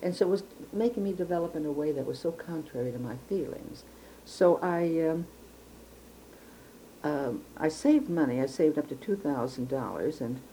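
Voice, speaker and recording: A woman's voice: low-pitched, mellow, slight background noise, rough recording. An older woman from Chicago recalling her life in an oral history interview, speaking in a reflective, precise way with frequent restarts. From Chicago, United States.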